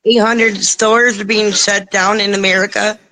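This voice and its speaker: A woman's voice: medium pitch, little pitch movement, normal speed, pushed and bright, poor audio. A woman in her thirties chatting as co-host on a casual live talk show over a video call, chatty and laughing often.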